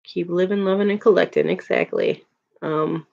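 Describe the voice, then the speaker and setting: A woman's voice: mid-range voice, animated, measured pace, lo-fi sound. A woman, chatting casually with her viewers, laughing often and using lots of filler words. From Chicago, USA. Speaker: livestream host. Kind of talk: casual chat reading viewer comments.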